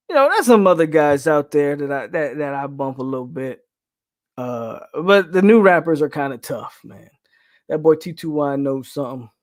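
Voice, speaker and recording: A man with a Southern US accent hosts a live sports podcast, riffing on the chat's questions. His voice sits high and the sound is dry and close. He talks loosely, trails off, restarts and gives blunt opinions. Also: no room sound. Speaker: podcast host reading chat questions. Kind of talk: casual live-stream chat.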